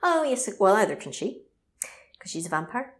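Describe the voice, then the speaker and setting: A woman co-hosting a casual chat, recapping a video game with animated, laughing asides. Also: mid-range voice, normal speed.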